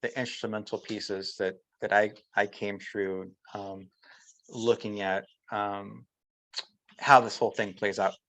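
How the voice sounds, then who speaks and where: A man's voice: lowish voice, level tone, a little slow, a bit bright, dry recording, rough recording. A man as an interview guest, telling a personal story in casual chat and voicing the people he quotes. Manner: storytelling, often acting out quotes of others.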